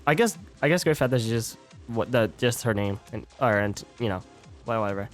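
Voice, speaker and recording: A man's voice: mid-range voice, a little fast, faint music behind. A man streaming a game live, chatting casually, stumbling over words and joking with his chat.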